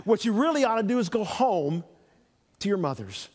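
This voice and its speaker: A man preaches in a church hall with a long reverb, his high voice swinging widely in pitch at a normal speed and carrying a bit of mellowness. As a pastor, he retells a scripture story and takes on the voices of the people in it.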